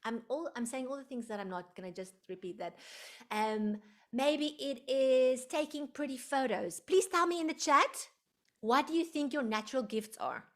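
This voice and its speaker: A woman hosting a live online workshop, expressive and emotional, slipping into prayer like a preacher. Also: sits high, normal speed. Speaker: workshop host.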